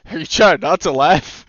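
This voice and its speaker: A young man streaming a game, chatting casually with teammates, excitable, swearing and laughing often. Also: fairly high pitch, no echo. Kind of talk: casual gaming chat with teammates. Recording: slightly muffled dry stream mic.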